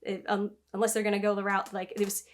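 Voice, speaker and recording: A woman's voice: medium pitch, completely flat delivery, fast. A woman co-hosting a casual review chat, playful and laughing often. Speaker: podcast co-host.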